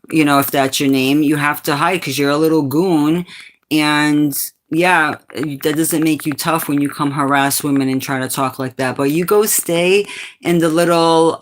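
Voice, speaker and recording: A woman from New England with a low, sultry voice chats casually on a livestream. She is sassy and answers her chat's comments directly. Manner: sassy, talks back to chat comments. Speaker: livestream host.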